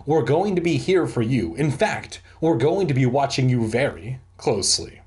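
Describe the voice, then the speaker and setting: A man's voice: medium pitch, expressive, normal speed, darkish tone, natural voice. A man voicing a worried, watchful middle-aged mother in a comedic book reading, asking fussy questions. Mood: earnest.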